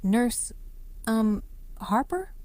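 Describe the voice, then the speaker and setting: A woman voicing an anxious, heartbroken young man who speaks haltingly and rawly. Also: on the high side, lively intonation, a little mellow, dry recording. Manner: halting, raw, speaks in dialect.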